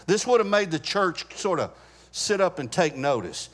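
A man's voice: high voice, big pitch swings, normal speed, fairly bright tone. A man teaching a Bible study class in a conversational way, stopping to ask the group questions and often restarting his sentences.

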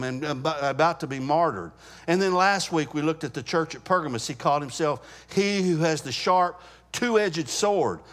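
A man's voice: fairly high pitch, fairly bright tone. A man teaching a Bible study class in a conversational way, stopping to ask the group questions and often restarting his sentences.

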